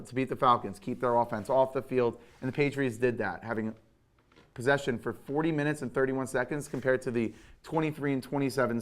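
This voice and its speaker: A young adult man hosting a sports show, giving an animated, opinionated recap with hot takes. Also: mid-range voice.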